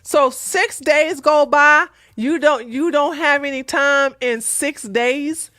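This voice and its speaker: A woman's voice: sits high, takes it slowly, bright, forceful tone, no echo, studio quality. A woman giving casual relationship advice to her viewers, blunt and emphatic, repeating her points in plain, slangy talk.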